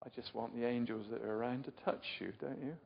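This older English preacher has a medium-pitched voice with fairly even intonation, a quick pace, vocal fry, and a breathy edge. He delivers an informal, chatty sermon, poking fun at himself and questioning his listeners. The audio is muffled and echoes through a hall.

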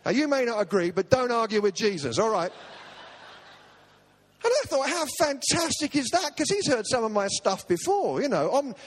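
Animated preacher telling comic stories. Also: male voice, very high-pitched, moderate pace. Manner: animated comic storytelling, self-mocking asides. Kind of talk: humorous sermon.

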